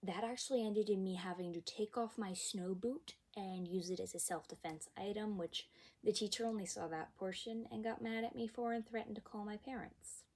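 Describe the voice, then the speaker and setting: A young woman telling a personal story from school in a vlog, expressive and emphatic, with occasional whispered asides. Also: mid-range voice, normal speed.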